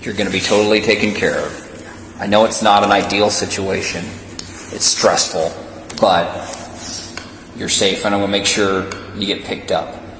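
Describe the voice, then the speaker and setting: A male police officer calmly giving a detainee step-by-step instructions. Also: fairly low pitch, normal speed, pauses often. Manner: calm, reassuring, step-by-step. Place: police station room. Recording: echoey room with loud background hum.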